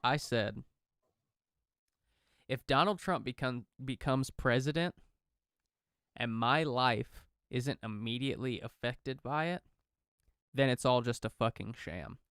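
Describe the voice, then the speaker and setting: A man's voice: mid-range voice, slow pace, pauses often, fairly bright tone, clean tone, dry recording. A young man co-hosting a casual debate podcast, laid-back and skeptical with dry humor. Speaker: podcast co-host.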